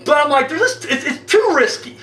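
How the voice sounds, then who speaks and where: A man ranting casually to camera, animated and profane and jokey, with quick acted-out asides. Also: extremely high pitch, echoey room, recorded from a distance, soft background music. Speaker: video blogger.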